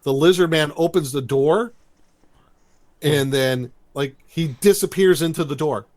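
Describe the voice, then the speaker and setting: A man's voice: fairly high pitch, unhurried, no echo. Man recapping a cartoon, dry close sound. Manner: rambling, animated storytelling with laughs. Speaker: podcast co-host. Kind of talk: casual chat recapping a cartoon episode.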